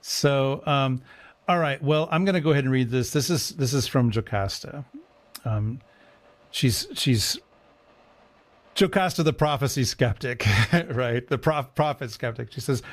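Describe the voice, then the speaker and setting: A man's voice: mid-range voice, a little slow. A man co-hosting a casual discussion, reading verse passages aloud with rising emphasis. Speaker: podcast co-host, priest.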